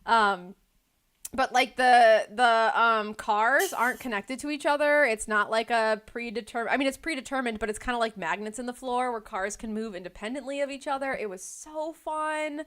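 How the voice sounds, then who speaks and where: A woman's voice: a little high, moderate pace, a bit bright, clean tone. Chatty young woman, casual chat. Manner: chatty, rambling, full of likes and ums. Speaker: podcast co-host.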